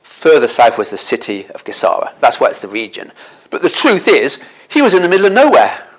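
A man telling a Bible story as a sermon in an animated way, often turning to his listeners with tag questions. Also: medium pitch, brisk.

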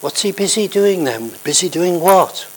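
A man's voice: sits high, expressive, a little slow, slight background noise, pitched above the performer's own voice, poor audio. A man voicing a businessman boss who keeps asking polite, puzzled questions over the phone. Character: worried adult male businessman boss on the phone.

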